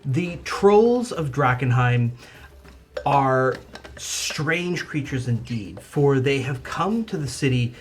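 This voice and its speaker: A man narrating as game master of a tabletop game, lively with some halting restarts. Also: mid-range voice, a little hiss or hum.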